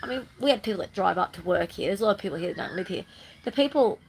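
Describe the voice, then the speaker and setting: A woman's voice: medium pitch, lively intonation, rapid-fire, slight background noise, poor audio. A woman talking casually to the camera in a bubbly, chatty way, with playful sing-song bursts. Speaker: spiritual vlogger. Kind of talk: casual monologue.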